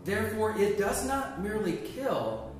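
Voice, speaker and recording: A man's voice: high-pitched, big pitch swings, normal speed, distant mic, noisy background. A man leading a small Bible study class, asking the group questions as he teaches. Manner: conversational, asks the group questions. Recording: echoey room picked up from afar.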